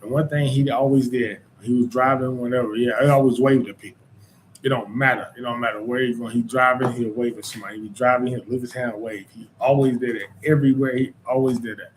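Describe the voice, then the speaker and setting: A man's voice: medium pitch, fairly even intonation, quick pace, a little hiss or hum, rough recording. Rambling Southern man from North Carolina. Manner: rambling, with constant "you know" and "man"; informal Southern speech. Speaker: podcast host. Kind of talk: casual monologue.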